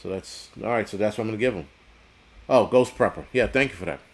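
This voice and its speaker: Brief: crude, rambling male livestream host, low-pitched, swears nonstop, chats with viewers. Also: fast talker. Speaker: livestream host reading chat. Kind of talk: casual profane livestream rant.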